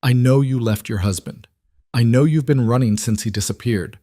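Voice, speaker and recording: A man voicing a cold, commanding mafia boss of about forty, speaking in a calm, measured and quietly threatening way. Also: mid-range voice, no echo, clean studio sound, natural voice.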